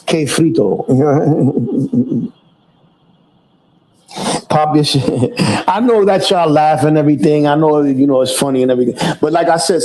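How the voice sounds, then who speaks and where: New guy rambling on his stream, cursing a lot, voice sits a bit high. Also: warm tone, poor audio. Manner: loose, cursing street slang, stumbling restarts. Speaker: livestream host. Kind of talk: casual livestream chat.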